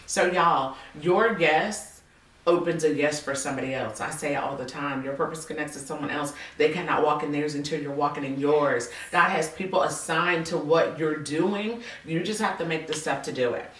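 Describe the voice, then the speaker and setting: A woman hosting a casual faith-based interview, animated and playful, acting out quotes with big jumps in her voice. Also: sits low, normal speed, echoey room, distant mic, poor audio. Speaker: podcast host.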